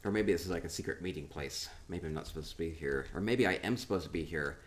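A man's voice: low voice, fast talker. A man giving casual live-stream commentary as he tours player homes in a game, playful and rambling as he thinks aloud.

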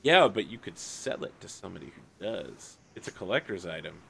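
A man's voice: low voice, a little fast, creaky, breathy edge. Laughing male game master. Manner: laughs often, relaxed and joking. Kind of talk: narrating a tabletop game.

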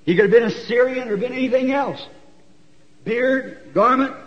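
A man preaching a sermon in a church. He tells the story in a folksy, animated way and rises to shouts. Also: extremely high pitch, moderate pace. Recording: dull 1960s church tape with long reverb.

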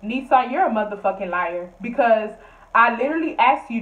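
A woman's voice: medium pitch, moderate pace. Young college girl doing a storytime vlog, blunt and cussing, kinda far from the mic and muffled. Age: young adult. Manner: animated, blunt, profane. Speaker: college student.

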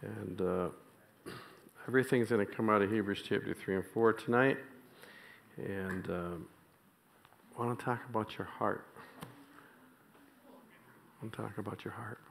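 A man preaches to his congregation in a relaxed, conversational way, telling stories and laughing along the way. His voice sits a little low, and it grows lively and excited when he acts out what someone else said. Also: moderate pace, gravelly, pauses often, a little hiss or hum. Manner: storytelling, chuckles often, animated when quoting others. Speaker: pastor. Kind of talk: sermon. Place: church.

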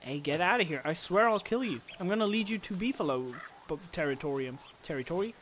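A man commenting on his game as he plays, chatting casually, cursing at creatures and bursting into loud shouts. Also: sits high, brisk, slight background noise. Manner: animated, swears at game creatures, sudden loud outbursts. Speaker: let's play host.

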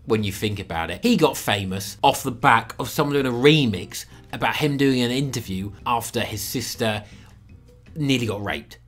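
A young man reviewing a film in a sarcastic comedic commentary, swinging between loud outbursts and muttered asides. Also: medium pitch, normal speed, faint music behind.

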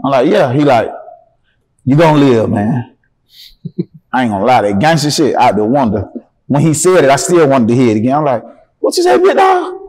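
A young Atlanta man with a Southern accent tells a story as a guest in a relaxed interview. His voice sits at an ordinary middle pitch. He talks in a profane, animated way and keeps jumping into the voices of the people in his story. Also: a little fast, long pauses. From Atlanta, Georgia.

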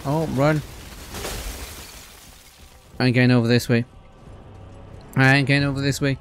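A Welsh man in the middle of a let's-play, chattering excitedly and panicking as he talks straight to the characters. His voice sits in a medium register. Loud game music runs underneath him. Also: medium pitch, normal speed, long pauses. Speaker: let's player. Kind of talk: gameplay commentary.

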